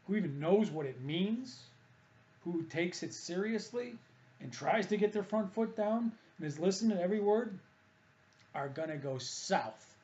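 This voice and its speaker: A man rants on about baseball coaching, combative and repetitive, in a fairly high but mellow voice. He hammers the same points again and again. The audio is dull and lo-fi. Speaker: hitting coach and columnist. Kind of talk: opinionated monologue.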